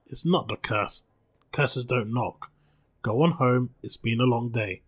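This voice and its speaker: A weary woman who runs a bar, blunt and curt, trying to sound calm but coming off tired, as a man voices her in a story reading. Her lines are husky and firm. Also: medium pitch, unhurried.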